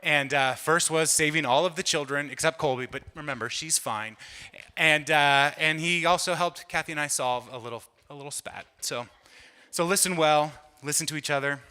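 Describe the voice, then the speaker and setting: A middle-aged man doing stand-up, telling a chatty, self-mocking story that builds to loud bursts. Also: a little high, moderate pace, clean tone. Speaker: stand-up comedian. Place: church hall. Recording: live room with long reverb.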